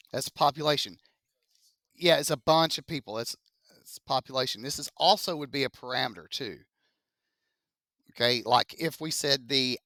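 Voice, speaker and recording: Math teacher, young adult, bright and punchy, dry close mic, quizzes class with playful asides. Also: mid-range voice, dry recording. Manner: chatty, joking asides, quizzing students. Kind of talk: classroom statistics lecture. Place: classroom with live students.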